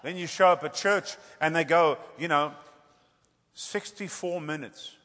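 A male preacher giving a humorous sermon, animated and joking, often tossing out a rhetorical "hello?" for laughs. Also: on the high side, normal speed, in a large hall.

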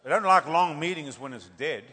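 High-pitched preacher guy cracking jokes, lots of "hello?", big echoey church sound. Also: brisk, slightly rough. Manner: animated, joking, repeats "hello?" for laughs. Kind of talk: humorous sermon.

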